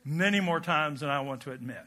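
A man preaching a sermon in a church, animated and humorous, often asking the congregation questions. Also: fairly high pitch, brisk. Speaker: pastor.

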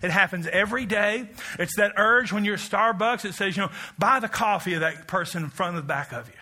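Male pastor, middle-aged, high and very bright tone, animated self-deprecating sermon delivery. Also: fairly quick. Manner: animated storytelling, self-mocking, rising to loud exclamations.

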